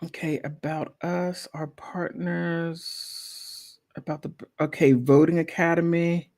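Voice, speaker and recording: A woman's voice: lowish voice, flat delivery, slow, a little mellow. A woman hosting her own channel, talking casually while she browses online, thinking aloud with many restarts. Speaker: channel host.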